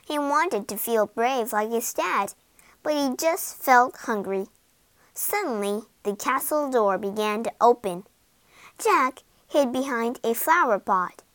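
A woman reads a children's story aloud in a high, animated voice. She takes her time, giving each line a dramatic lift. The recording is dry and close. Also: slow pace, no echo. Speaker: narrator. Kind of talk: storybook narration.

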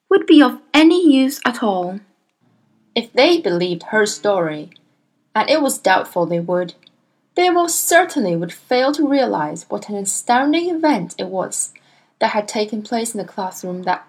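A woman reading a children's storybook aloud in a measured, expressive way. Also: a little high, husky, low-quality recording. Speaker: narrator.

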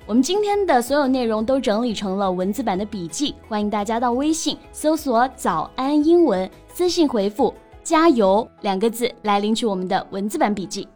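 Bright-voiced woman hosting a bilingual lesson. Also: fairly high pitch, very animated, fairly quick, hardly any pauses. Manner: bright, switches languages, laughs often. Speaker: co-host teaching English. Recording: soft music behind.

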